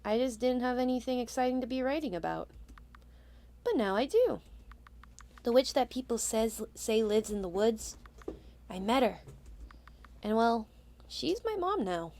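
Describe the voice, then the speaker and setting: A woman's voice: on the high side, very animated, measured pace, pauses often, a little mellow. A woman voicing a shy, earnest young scarecrow boy in a game. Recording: game music behind.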